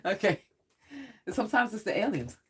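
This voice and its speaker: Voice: mid-range voice, sing-song, brisk, background noise. A psychic tarot reader hosting a live stream in casual chat. Talks in a rambling, talkative way and laughs often. Turns blunt and threatening when addressing trolls.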